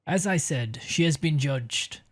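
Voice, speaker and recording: A man's voice: fairly high pitch, lively intonation, a little slow. A man voicing a solemn defiant cardinal. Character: defiant pious male cardinal.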